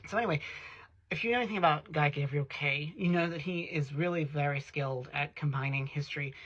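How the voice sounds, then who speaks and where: A man's voice: a little high, a little fast, a bit bright, highs cut off. A man hosting a casual book review, talking in a rambling way with many fillers and self-corrections. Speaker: host.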